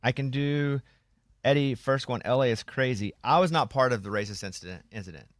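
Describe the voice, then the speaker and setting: Male host, relaxed conversational delivery, dry close studio mic. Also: mid-range voice, a little fast, no room sound. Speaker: radio show host. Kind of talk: casual studio chat. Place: radio studio. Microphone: studio microphone.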